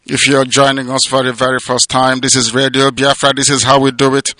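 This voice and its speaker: A man delivering an impassioned political radio address, declamatory and sermon-like, swinging between loud proclamations and hushed emotional passages. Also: mid-range voice, little pitch movement, a little fast, no echo. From southeastern Nigeria. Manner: repetitive, sermon-like cadence. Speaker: radio broadcaster and movement leader. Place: abroad, away from home.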